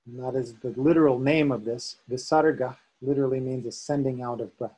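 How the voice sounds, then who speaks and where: A man teaching a Sanskrit lesson, calmly explaining sounds and chanting tones for students to repeat. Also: medium pitch, a little fast, breathy edge, rough recording. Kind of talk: slow guided chanting lesson.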